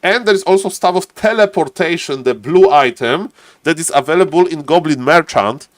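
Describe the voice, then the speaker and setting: A man with a noticeable non-native English accent casts a strategy game live, his voice sitting slightly high. He chats with viewers, keeps saying "ladies and gentlemen", and gets more excited over key plays. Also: normal speed, dry recording. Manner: chatty, greets chat viewers, repeats "ladies and gentlemen". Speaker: game caster and streamer.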